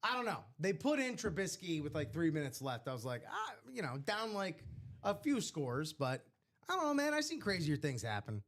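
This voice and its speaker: A man hosting a live sports memorabilia break stream, chatting casually with slangy, animated asides. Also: fairly high pitch, moderate pace.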